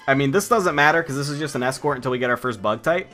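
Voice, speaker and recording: A man's voice: mid-range voice, quick pace, hardly any pauses, bright, forceful tone, soft background music. Sarcastic young man commentating a game. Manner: sarcastic, jokey, talks back to game characters. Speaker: let's play commentator. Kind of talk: casual gaming commentary.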